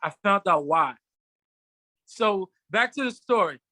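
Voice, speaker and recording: A man's voice: high-pitched, slow pace, no echo. A man, a fashion designer guest, telling his story animatedly in a casual interview. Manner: animated storyteller, acts out quotes. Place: studio.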